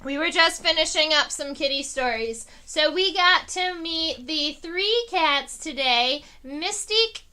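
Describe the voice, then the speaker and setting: A high, bright young woman chats to her livestream viewers from home. She tells stories loosely, with fillers and restarts. Her pitch jumps up when the story gets exciting. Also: a little slow, few pauses. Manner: animated, pitch rising on exciting parts. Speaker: entomologist streamer. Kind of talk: casual livestream chat. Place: home living room.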